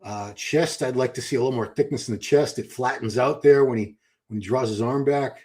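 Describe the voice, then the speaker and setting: Speaking briskly in a medium-pitched, darkish voice, this man hosts a live stream. He keeps up chatty, enthusiastic commentary, reads questions from viewers, and often restarts.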